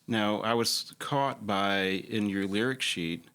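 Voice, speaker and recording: A man hosting a radio interview, asking calm, brief questions. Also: fairly low pitch, takes it slowly, clean tone.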